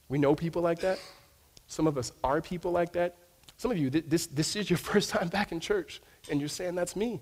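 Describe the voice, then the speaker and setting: In a church sanctuary, a pastor from the United States delivers a sermon with a fairly high, fairly quick voice. His storytelling is lively, though he often stumbles and restarts what he's saying.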